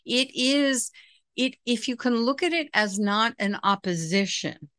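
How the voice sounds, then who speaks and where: A middle-aged woman, a parenting expert, calmly explaining advice in a casual talk and acting out what a parent might say. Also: medium pitch, no room sound. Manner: calm, explanatory, acts out quoted dialogue.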